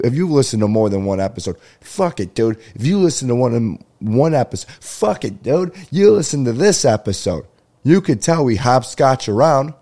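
A man's voice: sits low, mellow. A man hosting a comedy podcast, with a stuffy, congested nasal voice, rambling jokily and swearing a lot. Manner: rambling, profane, jokey. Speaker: podcast host. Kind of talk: casual comedy podcast monologue.

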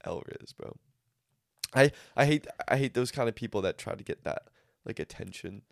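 A man's voice: mid-range voice, lively intonation, moderate pace, gravelly, no room sound. Laid-back young man, dry close sound. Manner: laid-back slang, frequent "bro", swearing. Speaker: podcast co-host. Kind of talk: casual chat.

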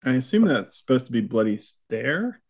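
A man co-hosting a comics podcast, chiming in with wry jokes in relaxed conversation. His voice sits at an ordinary, mid-range pitch. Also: moderate pace. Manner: wry, joking asides. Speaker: podcast co-host. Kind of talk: casual chat.

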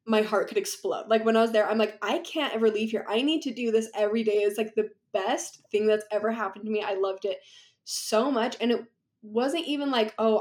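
A woman's voice: medium pitch, darkish tone. A young woman talking as a podcast guest in a chatty, rambling way, laughing often. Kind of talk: casual conversation.

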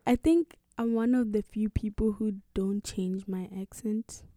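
A woman's voice: medium pitch, fairly even intonation, a little slow, warm tone, dry recording. A woman chatting casually on a podcast who laughs often and says she rolls her R's. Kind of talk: casual chat.

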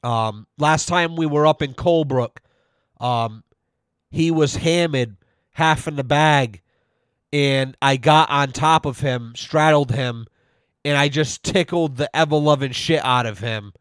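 A man's voice: a little high, a little slow, fairly bright tone, clean tone, dry recording, clean studio sound. A man giving a mock-serious rant on his own show, profane and full of repeated "you know"s. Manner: profane, repetitive. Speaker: podcast host.

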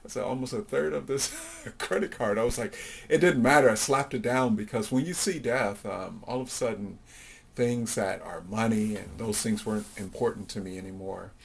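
A middle-aged man with a low voice recounts his life story as an interview guest. He talks reflectively, with plenty of fillers, and gives the people he quotes voices of their own. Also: normal speed, vocal fry, slight background noise.

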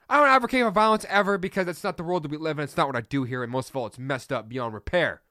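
Young man, sports podcast host, ranting opinions, smooth clear voice, dry close sound. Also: fairly high pitch, racing, hardly any pauses, pushed and bright, no room sound. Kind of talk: casual solo sports podcast.

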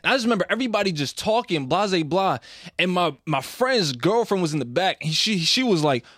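A man's voice: high-pitched, fairly quick, no room sound, clean studio sound. A young man telling a rambling, profane party story in casual chat with friends, acting out the voices he quotes. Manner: animated, swearing, acts out quoted voices.

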